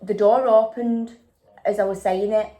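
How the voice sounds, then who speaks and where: A woman's voice: mid-range voice, steady tone, a little slow, mellow. A woman, chatting casually in a vlog and tagging questions onto her sentences. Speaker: vlogger. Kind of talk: casual chat.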